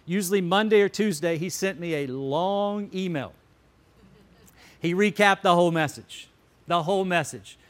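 A pastor with a fairly high voice delivers a sermon in a relaxed, conversational way. He is a middle-aged man who repeats key words and phrases for emphasis.

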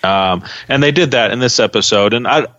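A man's voice: mid-range voice, a little fast, bright, forceful tone, no room sound, muffled recording. A man co-hosting a podcast, chatting casually and talking through his take on a reality show. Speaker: podcast co-host. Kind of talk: casual recap chat.

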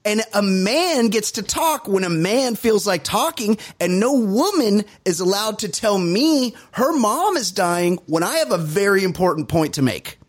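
A man's voice: high-pitched, moderate pace, hardly any pauses, husky, no echo. A man co-hosting a podcast, casually recapping a reality show, acting out quotes and swearing freely. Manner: animated storytelling, acts out quotes, swears freely. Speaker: podcast co-host. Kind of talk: casual chat.

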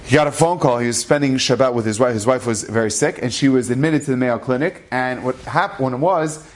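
Male storyteller, animated, voices the people in his tale, mid-pitched everyday voice. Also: a little fast. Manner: animated, acts out the characters' lines. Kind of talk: spoken storytelling.

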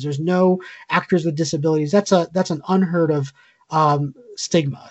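A man's voice: high voice, a little mellow. Opinionated man on a lo-fi podcast. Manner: opinionated, with many fillers and restarts. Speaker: podcast co-host. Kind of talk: casual chat.

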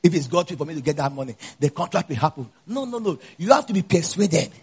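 This pastor has a Nigerian accent and a sing-song, slightly rough voice, speaking at a quick pace. He blends a personal story into his sermon, dipping low for asides and rising loud to preach.

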